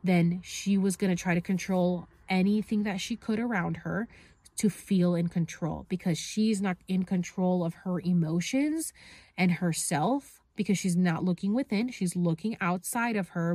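A woman with a lowish voice tells a personal story in loose, candid vlog talk, full of restarts and fillers. She swears emphatically now and then. The sound is close and dry. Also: moderate pace, a little mellow, no echo. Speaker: vlogger.

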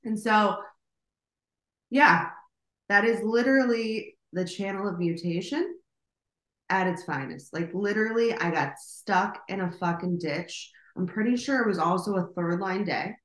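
A woman's voice: mid-range voice, a little slow, a bit bright. A middle-aged woman co-hosting a podcast, telling a rambling, casual story with lots of fillers and swearing. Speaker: podcast co-host. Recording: roomy echo.

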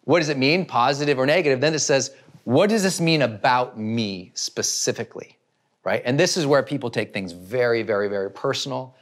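A man giving a motivational self-help talk, speaking in an animated way and acting out people's inner thoughts. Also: medium pitch, brisk.

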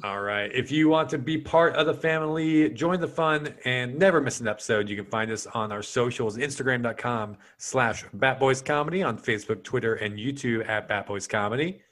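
A man's voice: medium pitch, normal speed, hardly any pauses, fairly bright tone. Playful male comedy podcast host. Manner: playful, mock-announcer sign-offs. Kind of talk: casual comedic chat.

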